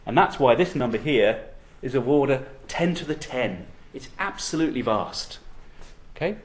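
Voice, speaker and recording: A man's voice: mid-range voice, lively intonation, normal speed. Man giving a physics lecture. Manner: explanatory, frequent "okay?" checks. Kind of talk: university lecture.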